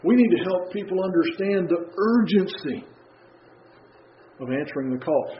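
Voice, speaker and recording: A man's voice: sits high, expressive, normal speed, long pauses. A man preaching an earnest sermon, reading scripture aloud and stressing urgency. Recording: roomy, dull, faint background hum.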